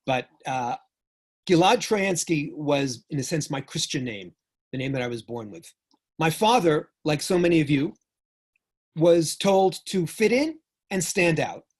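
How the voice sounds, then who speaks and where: An older man from New York with a New York accent, giving a joking, animated talk with sudden jumps in loudness. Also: fairly high pitch, moderate pace, breathy edge. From United States. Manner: animated storyteller, jokey, swings between loud and soft. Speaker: speaker. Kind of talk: lecture talk.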